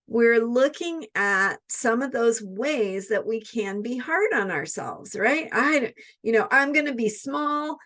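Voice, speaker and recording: Woman astrologer talking slow, lots of um and right, kinda high voice. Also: animated, fairly bright tone. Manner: repeats questions, many fillers and "right?". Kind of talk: reflective spoken teaching.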